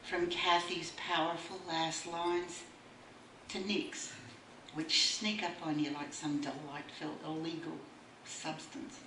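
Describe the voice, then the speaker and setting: A woman's voice: deep voice, flat delivery, takes it slowly, recorded from a distance. A woman giving a wry speech at a book launch and reading a poem aloud. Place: bookshop room. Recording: echoey room recorded from afar, faint noise.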